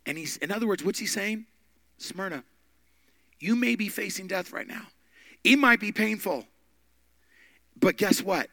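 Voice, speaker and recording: High-voiced, gravelly male preacher. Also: measured pace, pauses often, no room sound. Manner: emphatic, swings between loud and hushed. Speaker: pastor. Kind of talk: sermon.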